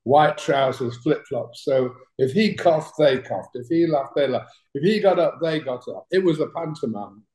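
A man's voice: on the high side, lively intonation, moderate pace, hardly any pauses, a little mellow, reverberant, low-quality recording. An older British man, a talent manager, telling anecdotes as a guest in an interview, chatty and laughing through his stories. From Britain.

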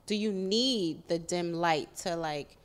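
A woman co-hosting a casual podcast, asking slow, halting questions between laughs. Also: lowish voice. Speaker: podcast co-host. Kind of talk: casual group chat.

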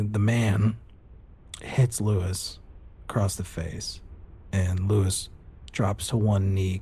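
A man's voice: sits low, creaky, warm tone, slightly rough. A man running a tabletop horror game as game master, narrating scenes in vivid detail.

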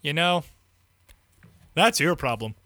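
A young man hosting a casual podcast, jokey and loose with swearing. His voice is high and bright, bouncing all over the place, and it is recorded dry and close. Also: takes it slowly, no echo. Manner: jokey, animated, swears freely. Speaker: podcast host.

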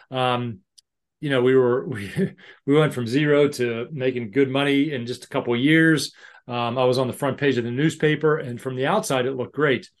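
A middle-aged American man, a leadership coach, telling his career story candidly with self-deprecating humor and some stumbling restarts. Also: medium pitch. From United States. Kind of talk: casual interview storytelling.

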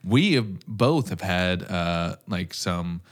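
A man in his early thirties talking on a casual podcast. His voice sits on the lower side, and he rambles through fillers and restarts with easy laughter. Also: animated, slow pace. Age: 30s. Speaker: podcast co-host. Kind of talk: casual chat.

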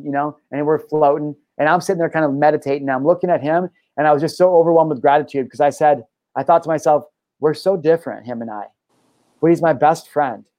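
Fast-talking excitable young man. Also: a little high, no room sound. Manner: excitable, profane storytelling full of "bro" and "dude". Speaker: podcast host. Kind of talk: casual chat.

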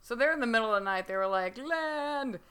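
A woman's voice: medium pitch, racing, pushed and bright, clean tone. A woman co-hosting a comedy podcast, reacting in an exasperated, sardonic way. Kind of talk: exasperated casual banter.

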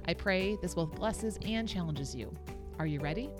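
A woman's voice: fairly low pitch, lively intonation, moderate pace, music in the background. A middle-aged woman hosting a faith-based podcast, talking in an encouraging, conversational way. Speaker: podcast host. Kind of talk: scripted podcast intro and casual teaching.

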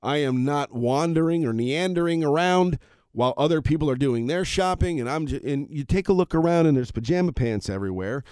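A man's voice: on the high side, animated, fairly quick, darkish tone, clean tone, no room sound, clean studio sound. A middle-aged man hosting his own podcast, ranting in a casual, rambling way with self-aware asides. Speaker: podcast host. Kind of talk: casual solo podcast rant.

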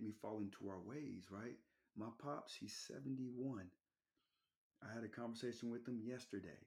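A man's voice: fairly low pitch, warm tone. A middle-aged man hosting a podcast, talking casually and encouragingly about personal change. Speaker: podcast host. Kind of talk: motivational talk.

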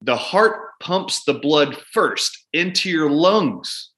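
A man with a bright, forceful voice tells a clinic story in an interview. He talks animatedly and acts out both sides of a conversation with a patient. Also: on the high side, very animated, slow. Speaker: doctor and guest.

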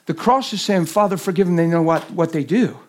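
A man preaching a sermon at a church service, animated and telling stories, acting out the voices in them and swinging from loud to hushed. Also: a little high, brisk. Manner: acts out voices in his stories. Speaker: guest preacher. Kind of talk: sermon with storytelling.

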